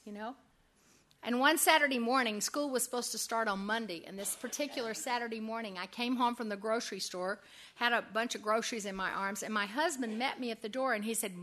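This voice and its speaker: A woman gives a lively, funny faith testimony to an audience, laughing as she goes. Her voice sits high and carries a crisp, bright edge. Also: a little fast. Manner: animated storyteller, laughs often. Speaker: women's ministry speaker. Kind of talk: humorous testimony talk to an audience.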